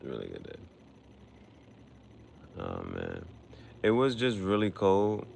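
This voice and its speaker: A man's voice: low voice, wildly swooping pitch, slow, gravelly, noisy background. A man hosting his own show, talking in a casual, rambling monologue that repeats itself and drops in foreign words. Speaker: podcast host.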